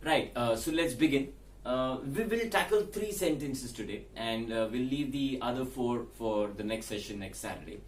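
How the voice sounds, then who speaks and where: A man teaching English grammar, explaining slowly with frequent fillers and repeated words. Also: mid-range voice, far from the mic, a little hiss or hum. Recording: echoey room, set back from mic.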